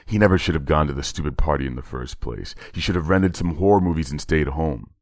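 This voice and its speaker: A man reading a horror story aloud with a measured, dramatic delivery. His voice is exceptionally deep, and the recording is dry and close with no room sound. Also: dry recording. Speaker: narrator. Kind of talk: scripted horror story narration.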